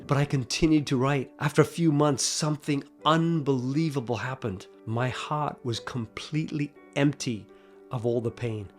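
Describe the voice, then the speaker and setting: A man with a fairly high voice tells his own story with lots of feeling. He swings from soft, hushed lines to emphatic ones, and faint music plays underneath. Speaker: storyteller sharing a personal faith testimony. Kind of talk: dramatic personal narration.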